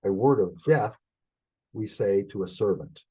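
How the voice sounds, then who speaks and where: Man, middle-aged, language instructor, slow deliberate delivery, husky lowish voice, corrects himself as he goes. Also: dark tone, rough recording. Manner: thinking aloud, stops to correct himself. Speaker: Greek instructor. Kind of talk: recorded classroom lesson.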